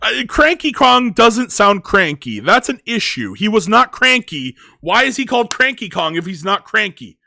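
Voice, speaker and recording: A man's voice: high-pitched, big pitch swings, normal speed, gravelly, hardly any pauses, sharp tone, no room sound, clean studio sound. A man giving a casual movie review, rambling with lots of filler words.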